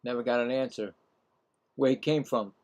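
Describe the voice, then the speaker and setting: A man with a Brooklyn accent hosting a casual live play-by-play stream, chatting and rambling between pitches. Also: steady tone, moderate pace, darkish tone. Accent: Brooklyn New York.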